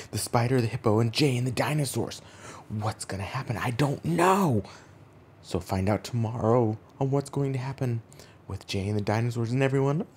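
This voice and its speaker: A man telling an improvised children's bedtime story, often dropping into a hushed whisper for suspense. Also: fairly low pitch, a little hiss or hum.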